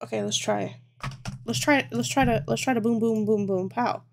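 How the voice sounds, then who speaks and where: A woman's voice: a little high, normal speed, creaky, a little hiss or hum. A woman live-streaming as she crochets, thinking aloud, swearing a lot and mocking herself. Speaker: livestreamer. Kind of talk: casual live-stream chat while crocheting.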